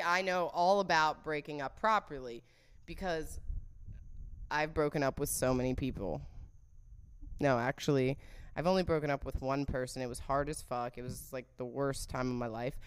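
A woman's voice: on the low side, clean tone. A young woman chatting casually to her viewers, blunt and crude, swearing a lot and joking about herself. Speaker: solo vlogger. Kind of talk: casual monologue.

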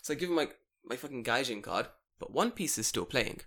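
A man telling a profane, animated story in casual chat among friends. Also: medium pitch, fairly quick. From foreigner living in Japan.

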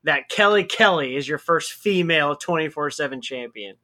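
Bright-voiced playful man on a podcast. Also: a little high, expressive, moderate pace. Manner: playful, does mock voices. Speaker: podcast co-host. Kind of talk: casual wrestling recap chat.

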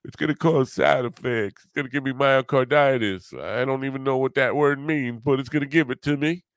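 A man's voice: medium pitch, a little fast, clear, resonant tone, no room sound, pitched above the performer's own voice, lightly acted. A man voicing a fearful, vaccine-wary male trucker in a put-on Southern US accent, with a mocking, whiny delivery.

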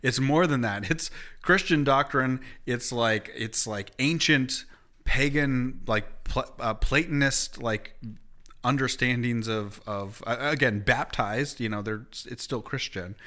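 A man's voice: mid-range voice, measured pace, sharp tone. A man in casual conversation, explaining ideas earnestly and eagerly with lots of fillers. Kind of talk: casual chat.

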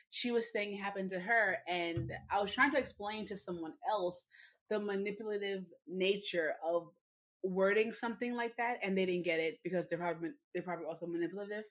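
A woman with a middle-pitched voice joins a casual podcast chat. She stresses her points firmly and with care. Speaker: podcast co-host.

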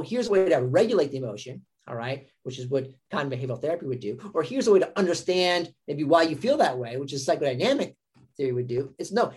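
A man's voice: on the high side, husky. A man working as a psychologist, talking through his methods as a podcast guest. He explains in a patient, teaching way, often tagging his points with "right?" and voicing what a patient might say to themselves. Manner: teaching tone, tags many points with "right?" and "all right"; acts out patients' inner voices in quotes. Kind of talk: explanatory interview talk.

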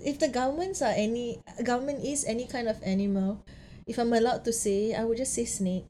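A woman's voice: fairly high pitch, mellow, slight background noise. Dramatic young Singaporean woman. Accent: Singaporean English. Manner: dramatic, exaggerated storytelling. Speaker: podcast co-host. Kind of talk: casual chat.

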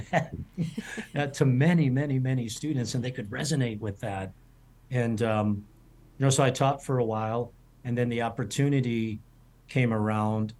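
A middle-aged man, a culinary school president, chatting as an interview guest and telling rambling stories with many restarts. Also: medium pitch. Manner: rambling, repeats words, warm storytelling. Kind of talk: casual interview chat.

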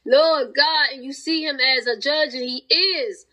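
A woman's voice: high voice, a little slow, pushed and bright, lo-fi sound. A woman hosting a podcast, giving a fervent, sometimes tearful spoken testimony of faith to her listeners. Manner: fervent, preachy, tearful at times. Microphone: home podcast recording.

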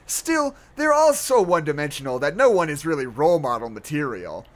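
A woman's voice: low-pitched, sing-song, brisk. A woman co-hosting a casual movie podcast, swearing freely and reading reviews aloud to her friends. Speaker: podcast co-host.

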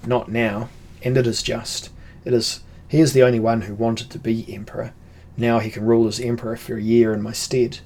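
A man reading an audiobook, voicing a brooding young sorcerer-emperor who speaks evenly and gravely. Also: medium pitch, close to an everyday voice. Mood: resolute. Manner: measured, even and grave.

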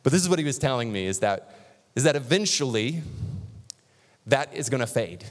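A man preaching a sermon as pastor, animated and conversational, with touches of humor. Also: medium pitch, moderate pace, big-room sound.

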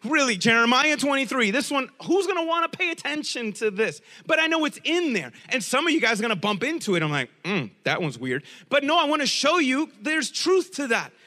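A middle-aged man preaching a lively sermon as pastor, with joking asides and key phrases said again and again. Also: very high-pitched, brisk, few pauses, long reverb tail.

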